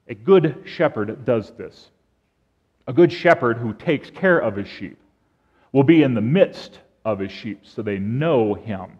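This pastor's voice sits on the high side and is very animated, moving at a moderate pace. He preaches in a church sanctuary, telling lively stories and mimicking sheep bleating and calling. Long church reverb hangs over a dull-sounding recording.

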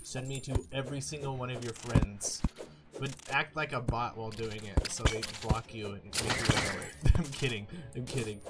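A man's voice: medium pitch, fairly even intonation, normal speed, heavy background noise. A man streaming a game, rambling and joking to himself as he plays. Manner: rambling, jokey, talks to himself. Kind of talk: casual gameplay commentary. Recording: loud music under the voice. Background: game music.

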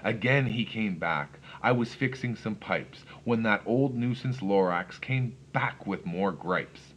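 A man reading a rhyming storybook aloud in first person, with expressive, rhythmic delivery. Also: lowish voice, a little slow, slight background noise.

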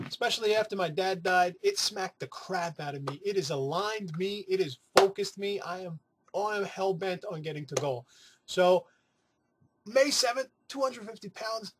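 A man's voice: high voice, lively intonation, moderate pace, slight background noise. A man from New City, chatting casually to camera in a rambling, profane way with playful asides. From New York City. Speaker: weight-loss vlogger.

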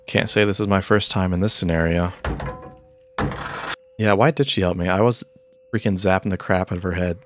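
A low-voiced joking streamer. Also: male voice, steady tone, brisk, pauses often, noisy background. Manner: joking, rambling, mock-indignant. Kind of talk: casual gameplay commentary.

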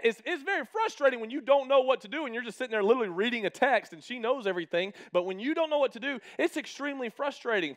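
A male pastor in his thirties with a high-pitched voice tells stories in a loose, conversational sermon. He jokes with the congregation and plays out both sides of his quoted exchanges. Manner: chatty and humorous, acting out quoted exchanges. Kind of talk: casual storytelling sermon.

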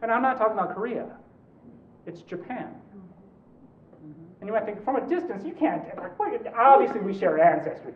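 Animated man lecturing in a roomy hall. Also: high voice. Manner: animated and joking, with quick asides. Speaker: law professor giving a lecture. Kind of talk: conversational lecture. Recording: roomy, distant, dull hall recording.

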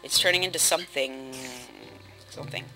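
A young man rambling through casual, self-mocking commentary while playing a building game, with sudden loud outbursts. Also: a little high, a little fast, low-quality recording. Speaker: gaming video host. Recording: game music playing behind. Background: game music.

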